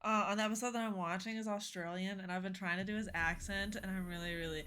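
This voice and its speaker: A young woman chatting casually with viewers during a game live stream, bubbly and quick to laugh. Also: mid-range voice, steady tone, fairly bright tone.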